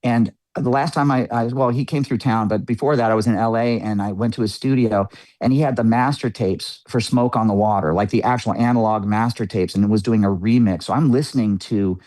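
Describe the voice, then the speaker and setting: Speaking a little fast in a low-leaning, slightly mellow voice with fairly even intonation, a middle-aged musician recounts a personal story as a podcast guest. He comes across as earnest, reflective and chatty, using frequent fillers, and there's no echo.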